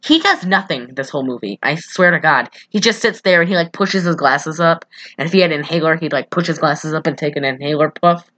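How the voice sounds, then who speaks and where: A bright, forceful woman on a podcast, retelling a movie in a loose, jokey way. She talks on a slightly low pitch and keeps stacking fillers and quick asides as she goes. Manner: chatty, jokey, lots of "like" and restarts. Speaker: podcast co-host. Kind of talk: casual movie recap chat.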